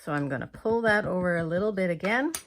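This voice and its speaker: A woman's voice: fairly low pitch, animated, fast talker, a little hiss or hum. A woman from Canada talking through a paper crafting tutorial step by step, explaining each move as she works.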